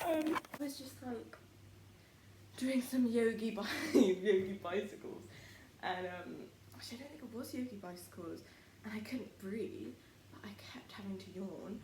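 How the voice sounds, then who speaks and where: Indoors in her home kitchen, a young woman vlogs casually as she cooks, her mid-range voice animated and at normal speed. She's tired and yawns repeatedly, giggling and rambling with plenty of "like" and "literally," recorded in an echoey room with faint noise behind her.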